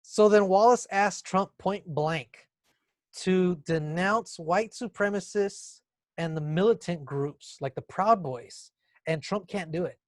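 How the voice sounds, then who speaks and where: A man's voice: high-pitched, slow pace, no echo. A man co-hosting a podcast, chatting casually and recapping events in detail. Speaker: podcast co-host. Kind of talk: casual political chat.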